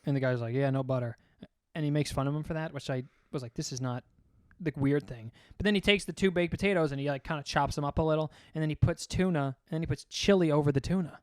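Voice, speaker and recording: A man's voice: a little high, racing, few pauses, darkish tone, clean tone, no room sound, studio quality. A young man co-hosting a comedy podcast, talking loosely, joking and swearing casually. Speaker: podcast co-host. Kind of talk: casual chat.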